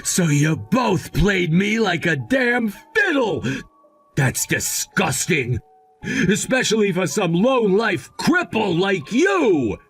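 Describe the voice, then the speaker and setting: An actor playing a scheming, hot-tempered young man who shouts in indignant outbursts, over faint music. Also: sits high, sing-song, slow pace, breathy edge, heavily acted. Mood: furious.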